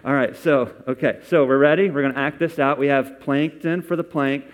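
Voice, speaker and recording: A male pastor gives a sermon in a church sanctuary, his mid-pitched voice carrying a long, lingering reverb. He talks in a relaxed, conversational way, coaxing people from the congregation to come forward and help. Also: a little fast. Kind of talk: sermon with scripture reading. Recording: long reverb from a large hall.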